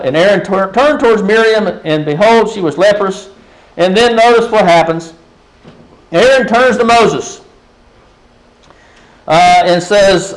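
High-voiced man preaching a sermon. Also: low-quality recording. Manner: conversational, asks the congregation rhetorical questions; frequent restarts and fillers.

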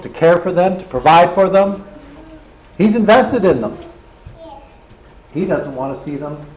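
A man's voice: fairly high pitch, darkish tone. Male preacher, earnest sermon, light hiss under a roomy hall echo. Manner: earnest, checks in with listeners.

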